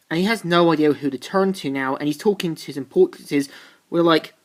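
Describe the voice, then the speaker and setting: A woman's voice: deep voice, moderate pace. A woman reviewing a comic, retelling the story in a chatty, rambling way. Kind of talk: casual comic recap.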